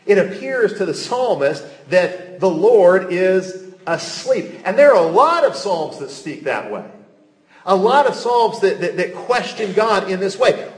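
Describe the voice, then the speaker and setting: A pastor delivers a sermon with earnest conviction, asking rhetorical questions and rising on the pleading passages. His voice sits a little high for a man. The sound rings with the echo of a large room. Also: expressive, unhurried.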